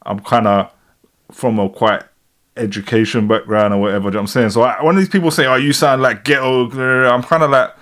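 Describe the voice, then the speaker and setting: A man with a London accent talks in a slightly low voice. He chats loosely on a live stream, rambling as he reacts. He is in his thirties. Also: fast. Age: 30s. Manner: relaxed, rambling, keeps saying "do you know what I'm saying". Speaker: livestream host. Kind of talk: casual live reaction chat.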